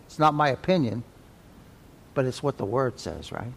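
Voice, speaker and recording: A man's voice: mid-range voice, big pitch swings, moderate pace, gravelly, pauses often, big-room sound, slight background noise. A man teaching a Sunday school Bible class in a folksy, conversational way, repeating key phrases and checking in with "right?".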